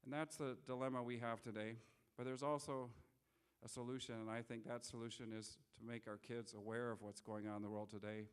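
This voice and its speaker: A middle-aged man delivers a public lecture with an earnest, unhurried manner, often restarting his sentences. His mid-range voice sounds smooth and clear. He mixes storytelling with appeals to his listeners. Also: medium pitch, little pitch movement. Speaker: guest speaker. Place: lecture hall.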